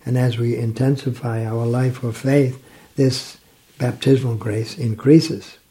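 A man explaining a Bible passage in conversation, reading verses slowly and reflecting on them. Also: medium pitch, steady tone, mellow, poor audio. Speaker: Bible teacher. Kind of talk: scripture commentary in conversation.

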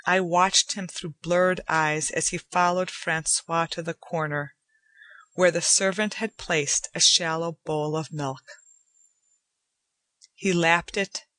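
A woman giving a measured, deliberate audiobook narration of a story. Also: lowish voice, a bit bright, no room sound. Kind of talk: scripted narration.

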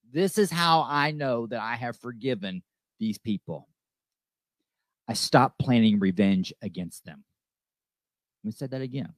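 A man's voice: mid-range voice, no room sound. A man hosting a recovery show, speaking with emphatic conviction, repeating key lines and checking in with "okay?". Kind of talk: heartfelt recovery talk.

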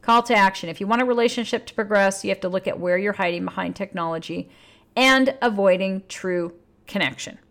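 Woman relationship coach, candid and blunt, swearing freely, lively emphatic delivery. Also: mid-range voice, fairly quick. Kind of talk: casual advice monologue.

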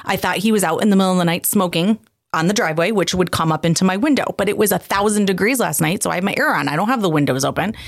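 A middle-aged woman co-hosting a podcast, telling stories in a casual, animated way with frequent laughs. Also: lowish voice, very fast, no room sound, studio quality. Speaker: podcast co-host. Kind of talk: casual chat.

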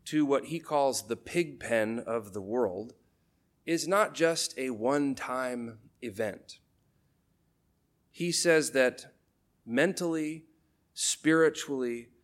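A male priest delivers a sermon at a measured, deliberate pace, dropping his voice low on key phrases to emphasize them.

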